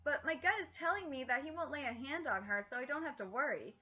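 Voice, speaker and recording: A woman reacting live while reading a manga aloud, loud and excitable, with frequent outbursts and heavy swearing. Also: high voice, fast. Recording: lo-fi stream audio.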